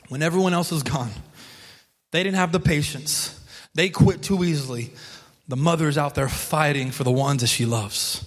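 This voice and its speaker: A man's voice: on the high side, normal speed, long reverb tail. A man preaching a sermon, telling the story in a casual, conversational way with emphatic repetition. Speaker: pastor.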